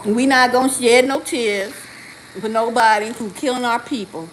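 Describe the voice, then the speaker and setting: A woman hosting a livestream, talking loudly and sassily with preachy outbursts. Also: a little high, fairly even intonation, normal speed, noisy background. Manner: loud, sassy and preachy, with outbursts. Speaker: livestream host. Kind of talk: casual livestream talk.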